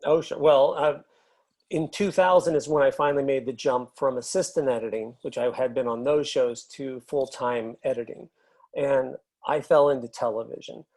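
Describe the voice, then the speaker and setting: A middle-aged man speaks at an ordinary pitch for a man. He tells his stories in a relaxed, rambling way, with plenty of fillers. He sounds like a film and TV editor being interviewed. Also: normal speed. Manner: relaxed storyteller, many fillers. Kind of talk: casual interview anecdotes.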